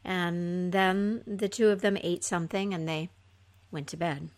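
A woman telling a fairy tale aloud in an unhurried, expressive way, her voice softening at the ends of phrases. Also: fairly low pitch. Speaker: storyteller.

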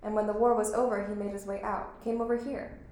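A woman's voice: mid-range voice, level tone, a little fast, warm tone, lightly acted. A woman playing a defensive, earnest teenage schoolgirl who insists on her point, in a stage play. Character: defensive, earnest teen girl student. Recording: very echoey hall.

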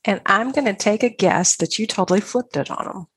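A woman's voice: medium pitch, moderate pace, husky. A woman hosting a podcast interview, encouraging her guest and laughing often. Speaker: podcast host. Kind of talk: interview talk.

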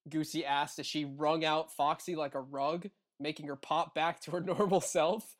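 A man's voice: fairly high pitch, fairly even intonation, moderate pace. A man co-hosting a podcast, reading fan fiction aloud in a wry, casual way. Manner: wry, laughs while reading. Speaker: podcast co-host.

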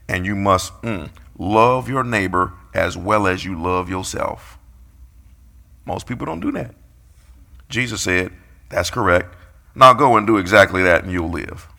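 A man's voice: deep voice, creaky, pushed and bright. A man preaching a sermon, playfully calling out his congregation and acting out quotes.

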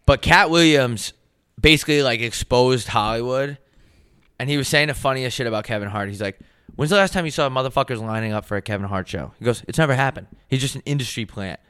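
A man's voice: mid-range voice, fast, fairly bright tone, clean tone, no room sound, clean studio sound. A young man co-hosting a casual podcast, talking loosely with lots of fillers and swearing. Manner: laid-back, filler-heavy, swears a lot. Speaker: podcast co-host. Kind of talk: casual chat.

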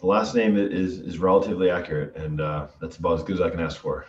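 A very deep-voiced man from Western Massachusetts with a mild, neutral New England accent, easygoing and full of ums as he talks. He sounds set back from the mic in a roomy space, and the sound is a bit muffled with faint noise behind him. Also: fast talker, distant mic. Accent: Connecticut-like neutral New England. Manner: relaxed, many ums and restarts. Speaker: guest, sales executive. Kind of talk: casual interview chat.

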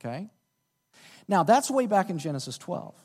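A man's voice: high voice, very animated, normal speed, a little mellow, big-room sound. A man preaching a sermon as pastor, emphatic and checking in with his congregation as he goes. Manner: emphatic preaching with frequent "okay?" check-ins.

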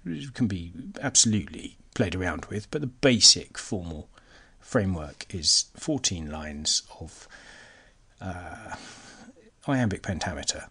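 Speaking into a laptop, this podcast host gives a solo educational talk in a low, slightly rough voice that is sharp in tone and animated, if a little slow. His delivery is hesitant, packed with fillers and false starts, and now and then it drops to a near-whisper.

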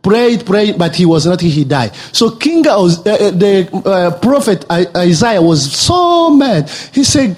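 A man from Africa preaching a sermon as a lively storyteller who repeats words for emphasis. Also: measured pace, hardly any pauses. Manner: animated storytelling with repeated words and sudden leaps in pitch.

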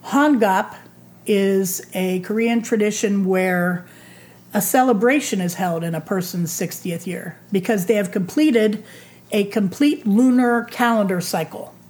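A woman in her sixties who has just retired from teaching talks at an unhurried pace, letting her phrases stretch out. Her voice sits at an ordinary middle pitch. She sounds reflective and considered. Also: darkish tone. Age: 60s. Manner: slow, thoughtful, drawn-out phrasing. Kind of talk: reflective talk.

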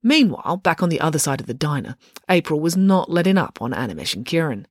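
A woman narrating a children's audiobook in an expressive storytelling manner. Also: sits low, fast, dry recording, clean studio sound. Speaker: narrator, author.

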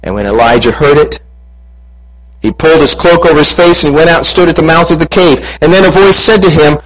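A man preaching a sermon, retelling a scripture story and reading passages aloud with lively emphasis. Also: mid-range voice, fast talker, husky, low-quality recording.

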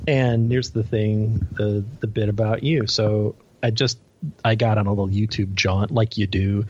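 A man's voice: on the low side, flat delivery, a little slow, darkish tone. A man co-hosting a podcast, telling stories animatedly in casual chat, often stammering and repeating words. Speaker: podcast co-host. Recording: dull lo-fi audio.

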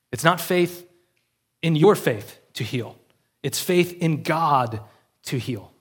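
A man's voice: on the high side, husky. A male pastor giving an earnest, conversational sermon and often checking in with the congregation.

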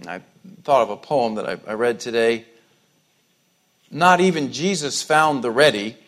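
A man preaching a sermon in a conversational way, often repeating and restarting words, and rising sharply in pitch on emphatic words. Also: animated, unhurried, a bit bright. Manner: rises to emphatic high-pitched stresses on key words. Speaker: pastor.

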